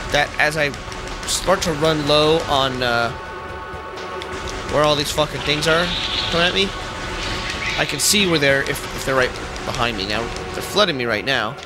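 A man hosting a let's play, giving excitable, joking gameplay commentary and swearing often. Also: a little high, moderate pace. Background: game music.

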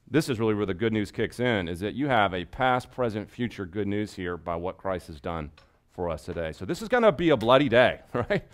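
A man teaching a Bible study in an animated way, acting out questions from skeptics and dropping to a hushed tone for weighty points. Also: medium pitch. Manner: animated, acts out skeptics' voices, swings from loud to hushed.

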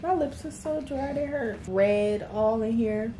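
A woman's voice: a little high, measured pace, noisy background. A woman chatting casually to her viewers in a home kitchen while she cooks, filming on a handheld camera. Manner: chatty, laid-back, keeps addressing viewers. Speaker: vlogger talking to viewers. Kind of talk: casual vlog chat.

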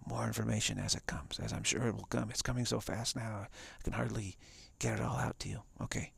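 Male spiritual teacher, live-streamed talk: a deep, heavily gravelly voice, emphatic and repetitive, slipping into whispers. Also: fairly even intonation, fairly quick, a bit bright, dry recording.

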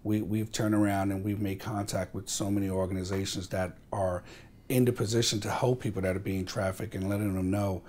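Man, police officer, very deep voice, matter-of-fact, faint background noise. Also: little pitch movement, a little fast, darkish tone. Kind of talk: interview.

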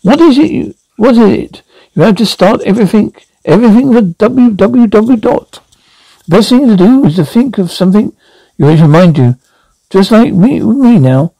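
An actor playing an excitable middle-aged uncle who rambles on, eager to explain things in a sitcom scene. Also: male voice, high voice, normal speed, vocal fry, dry recording, full character voice, low-quality recording. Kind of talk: sitcom acting.

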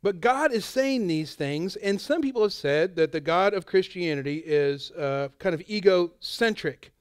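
A man preaching a sermon in a relaxed, conversational way, full of asides and quick quoted voices. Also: high-pitched, clean tone, no echo, studio quality. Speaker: pastor.

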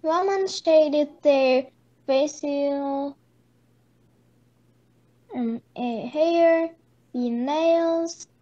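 A student reading exercises aloud, hesitant and halting, searching for words. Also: female voice, high voice, warm tone, lo-fi sound.

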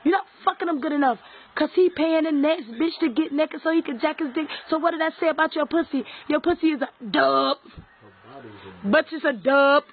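A woman's voice: high-pitched, a little fast. A woman delivering an aggressive, taunting, profanity-heavy rant at people she is calling out. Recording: tinny phone-like audio.

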